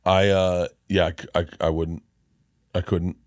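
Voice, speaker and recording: A man's voice: low voice, level tone, unhurried, no room sound, clean studio sound. A middle-aged man telling a long, rambling, self-deprecating story on a podcast as a comedian guest.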